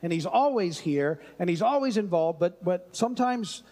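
Male pastor with a high-pitched voice, chatty sermon storyteller who restarts often. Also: lively intonation, normal speed, a little mellow. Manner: conversational, many restarts and asides.

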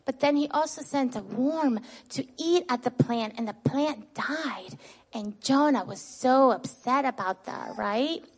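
A husky, high-sitting female voice, unhurried in pace, teaches kids a Bible lesson. She brings the story to life expressively, asks the children questions before answering them herself, and tags nearly every sentence with "right?"

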